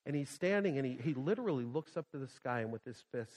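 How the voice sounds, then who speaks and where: A male pastor preaching a sermon, swinging from loud emphasis to hushed quiet and repeating phrases for emphasis. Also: mid-range voice, expressive, fast talker, hardly any pauses. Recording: long hall reverb.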